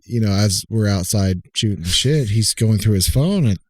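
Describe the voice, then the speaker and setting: Podcast co-host, male, low voice, dry close mic, chatty profane storyteller. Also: animated, moderate pace, dry recording. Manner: rambling, profane, retells calls in quoted voices. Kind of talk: casual storytelling chat.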